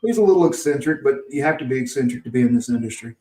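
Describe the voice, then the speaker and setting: A man from Mississippi hosts a casual podcast chat and rambles through a lengthy workplace tale with frequent restarts and chuckles. His mid-range voice is expressive, racing, and a little mellow, set far back from the mic in a roomy space.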